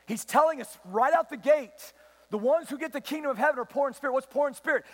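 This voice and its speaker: A man's voice: very high voice, fast talker, big-room sound. A man preaching a sermon as pastor, emphatic, acting out quoted voices and putting questions to his listeners. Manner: emphatic, rising and dropping sharply for effect; acts out quoted voices and asks the crowd questions.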